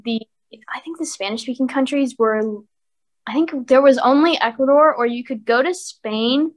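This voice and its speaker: A woman's voice: high-pitched, normal speed. A young woman guest chatting casually on a podcast, upbeat and talkative, often saying "like". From United States. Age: young adult.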